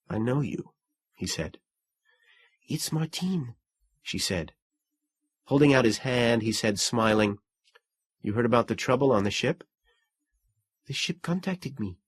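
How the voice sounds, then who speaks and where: A man reading a science fiction story aloud as an audiobook narrator, in an even, measured way. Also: on the low side, husky, dry recording. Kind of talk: scripted narration.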